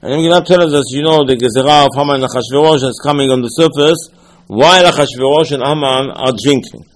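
A man's voice: medium pitch, fast, low-quality recording. A man giving a rambling Torah lesson. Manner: conversational, repeats himself, frequent restarts and fillers; mixes Hebrew and Aramaic terms into speech.

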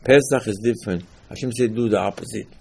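A man giving an animated Torah class, asking and answering his own rhetorical questions. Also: lowish voice, fast, gravelly, husky. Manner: animated, rhetorical questions, lively emphatic teaching.

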